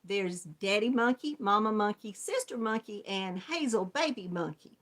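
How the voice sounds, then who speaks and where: A woman's voice: mid-range voice, lively intonation, moderate pace. A middle-aged woman with a Southern US accent hosting a crochet channel, chatting with viewers in a friendly way, often laughing and calling them hon. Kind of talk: casual chat greeting viewers.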